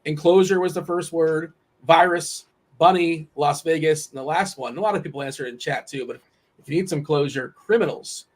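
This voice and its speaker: A man's voice: on the high side, a little fast. A man hosting a casual sports betting chat, teasing his co-hosts and rattling off team lineups. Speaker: host.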